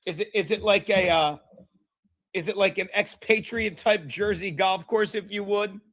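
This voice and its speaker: A man's voice: sits high, normal speed, fairly bright tone, dry recording. A man hosting a casual podcast, needling his co-host with crude jokes.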